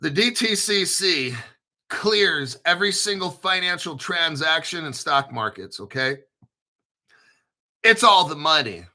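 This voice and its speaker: A man's voice: on the high side, animated, a little slow, pushed and bright. A male host giving casual livestream commentary in a brash, profane, joking hype manner. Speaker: crypto show host.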